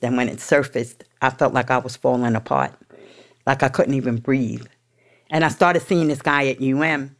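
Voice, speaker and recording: Woman, middle-aged, from New York, blunt, profane, streetwise, candid storytelling. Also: extremely low pitch. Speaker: guest.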